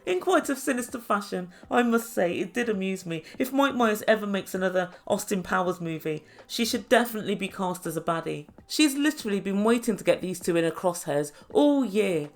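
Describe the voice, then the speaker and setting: A woman's voice: medium pitch, expressive, fairly quick, hardly any pauses. A woman reviewing a reality show, chatty and wry with sarcastic asides. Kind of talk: casual recap commentary.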